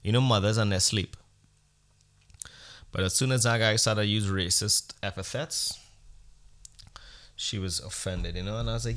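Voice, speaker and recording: A man's voice: on the low side, fairly even intonation, moderate pace, pauses often, a bit bright. Male comedy podcast host, rambling storyteller, profane and mock-earnest.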